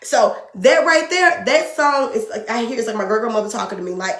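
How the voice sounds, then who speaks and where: A woman's voice: on the high side, expressive, brisk, a bit bright, reverberant. A woman speaking as a podcast guest in an earnest, emotional way, often repeating phrases for emphasis. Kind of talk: passionate spiritual conversation.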